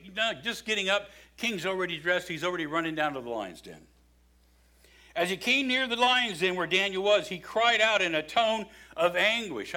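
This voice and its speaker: A man preaching a sermon, lively and expressive, acting out the voices in his story. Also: high-pitched. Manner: animated preaching, acts out quoted voices. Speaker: pastor.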